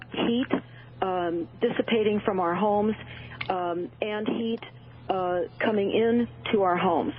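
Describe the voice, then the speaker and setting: A woman's voice: mid-range voice, slight background noise. Woman talking urgently over a phone line. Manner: urgent, many uh and um fillers. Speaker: guest. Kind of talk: radio call-in talk.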